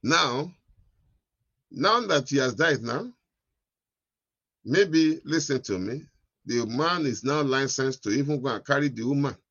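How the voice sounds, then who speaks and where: A man's voice: mid-range voice, animated, a little slow, pauses often, bright, forceful tone, no room sound, muffled recording. A man pastor delivering a sermon, repeating his lines for emphasis. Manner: repetitive, emphatic preaching.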